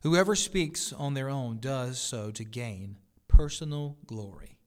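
A man's voice: medium pitch, slow pace, a little mellow, close to an everyday voice. Brief: firm, solemn teacher, read by a male pastor in a mid-range voice.

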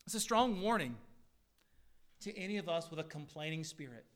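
A middle-aged man, a pastor, preaching a sermon to his church with earnest swells in pitch and volume and the odd dry aside. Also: animated, normal speed, a bit bright. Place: church sanctuary.

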